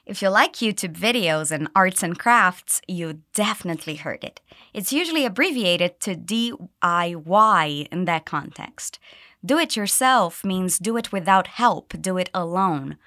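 A woman English teacher guides learners through a pronunciation drill, her pitch rising and falling in a lively way. She models each phrase with deliberate clarity so it can be echoed back. The sound is close and dry, with no room around it. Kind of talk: pronunciation lesson with repeat drills.

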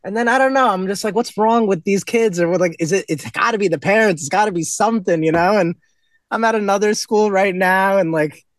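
High-pitched man, blunt, profane, acts out kids' lines, casual podcast chat. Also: quick pace, no room sound. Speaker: podcast co-host, substitute teacher.

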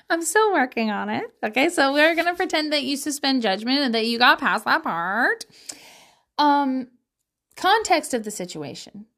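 A woman's voice: high-pitched, very animated, measured pace, fairly bright tone. A woman talking casually at home to her viewers about parenting, candid and swearing freely, with frequent laughter. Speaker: parent sharing parenting advice.

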